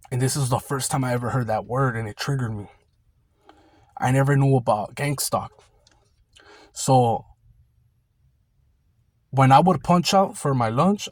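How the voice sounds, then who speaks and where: A young man spins a loose, profane storytime about his days as a security guard, peppering it with street slang. His voice sits at an ordinary middle pitch, and the recording is dry and close, with no room sound. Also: no room sound. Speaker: storyteller recalling a security job. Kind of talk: casual storytime monologue.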